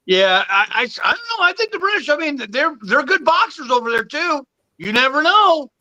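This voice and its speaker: A man's voice: extremely high pitch, very animated, moderate pace, pushed and bright, poor audio. A man co-hosting a casual sports podcast, laid-back, stumbling and repeating words as he thinks aloud. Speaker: podcast co-host.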